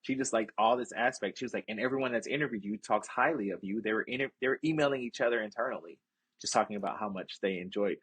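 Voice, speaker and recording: A man's voice: on the low side, fast talker, a bit bright, breathy edge, no room sound. A young man co-hosting a podcast, telling stories animatedly in casual chat, swearing and laughing often. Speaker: podcast co-host.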